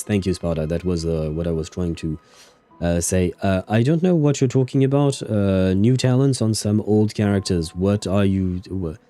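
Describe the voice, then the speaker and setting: Give me a male game streamer with a deep, mellow voice, casually chatting with viewers. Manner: rambling, chatty, answers chat, frequent fillers and laughs.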